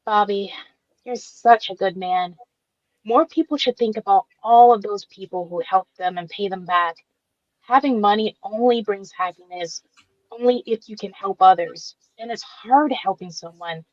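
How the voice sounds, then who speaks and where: A woman voicing a gentle, tearful young woman with cancer in an amateur radio drama, speaking softly and with feeling. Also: medium pitch, dry recording, lightly acted. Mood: admiring. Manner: soft, emotional, slow-spoken. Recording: dull dry lo-fi recording.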